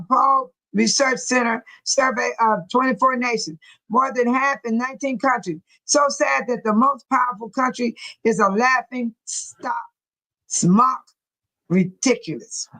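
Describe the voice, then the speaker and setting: A woman's voice: sits high, bright, forceful tone, rough recording. Outspoken woman reacting to live chat. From Illinois. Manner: outspoken, reads chat aloud and reacts with blunt opinions. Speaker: livestream host reading viewer comments. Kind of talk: casual livestream commentary.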